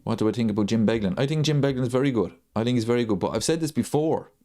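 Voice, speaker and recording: Man, mid-pitched voice, football stream host, ranting, says everything twice. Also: animated, very fast, warm tone. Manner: ranting, repeats his points for emphasis. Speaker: host of a football watchalong channel. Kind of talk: live stream chat.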